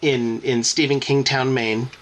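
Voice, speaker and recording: A man's voice: medium pitch, fairly even intonation, measured pace, slight background noise. A man co-hosting a podcast, talking in a casual, rambling way, often breaking off mid-sentence and laughing. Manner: rambling, self-interrupting, laughing. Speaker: podcast co-host. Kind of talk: casual chat.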